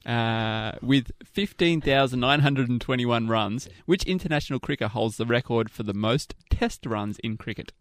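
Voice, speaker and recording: A man's voice: medium pitch, normal speed, hardly any pauses, dry recording. A man hosting a casual quiz segment on a podcast, joking and laughing often. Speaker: quiz host. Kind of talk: casual chat.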